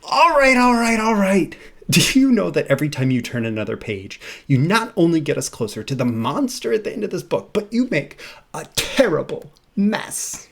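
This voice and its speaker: A man voicing a timid, fretful furry monster while reading a children's picture book aloud, in a rough, drawn-out imitation. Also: big pitch swings, full character voice. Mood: exasperated. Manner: pleading, high and drawn-out, deliberately rough imitation.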